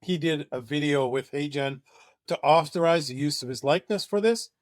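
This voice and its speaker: Male webinar presenter, upbeat and conversational, slightly raised pitch. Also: moderate pace, no echo, clean studio sound. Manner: enthusiastic and conversational. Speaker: marketing agency presenter.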